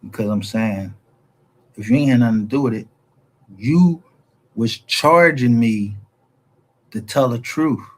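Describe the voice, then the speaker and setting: A man's voice: mid-range voice, unhurried, pauses often. Man ranting in heated profane commentary. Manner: profane, rambling, heated, with frequent restarts. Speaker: YouTube commentator.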